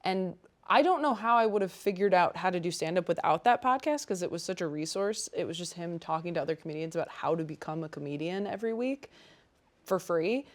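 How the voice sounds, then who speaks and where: A woman's voice: on the low side, expressive. A woman in her thirties, a comedian guest in a studio interview, talking in a chatty way with lots of "like" fillers. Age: 30s. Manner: chatty, quick to laugh, frequent "like" fillers. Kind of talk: casual interview chat.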